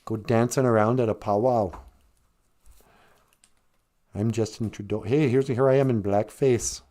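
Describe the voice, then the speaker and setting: A man's voice: mid-range voice, steady tone, a little slow, mellow, natural voice. A man doing a mocking impression of a male politician with a Canadian accent, sing-song and over-apologetic.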